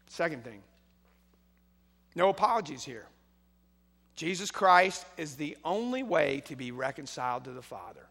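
High-voiced bright preacher in a hall. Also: male voice, lively intonation, measured pace, long pauses. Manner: preacherly, swings from quiet to loud emphasis. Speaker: pastor. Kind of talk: sermon.

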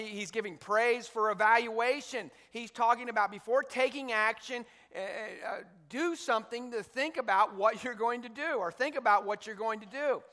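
High, bright-voiced preaching pastor, man. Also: in a large hall. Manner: emphatic preaching, reading scripture aloud. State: coughing now and then. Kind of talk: sermon.

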